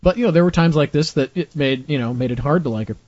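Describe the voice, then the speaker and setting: High-voiced teasing man, lo-fi sound. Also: quick pace, a little mellow. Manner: joking, teasing storyteller. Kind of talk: casual chat. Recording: dull lo-fi sound.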